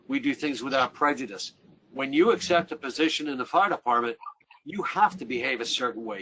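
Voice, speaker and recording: A man's voice: mid-range voice, sharp tone, rough recording. A man moderating a panel discussion on a webinar, talking conversationally as he sums up points and hands off to panelists. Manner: conversational, paraphrasing and prompting.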